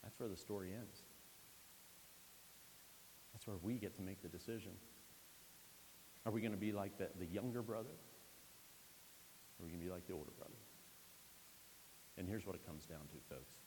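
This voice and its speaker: Long pauses mark the delivery of a male pastor with a low voice and moderate pace. He preaches conversationally in a church sanctuary, frequently checking in with "all right?" Faint hiss and a long hall reverb color the recording.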